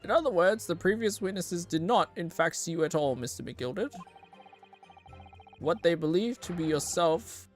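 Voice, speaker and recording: A streamer reading the lines of a sharp young male defense lawyer pressing a witness with questions. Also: medium pitch, lively intonation, moderate pace, faint music behind, close to an everyday voice. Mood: probing.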